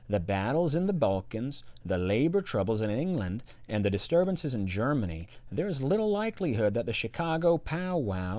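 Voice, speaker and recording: A man's voice: mid-range voice, a little mellow, no room sound. A man reading an old newspaper aloud and stopping for rambling, sarcastic asides. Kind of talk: reading with commentary.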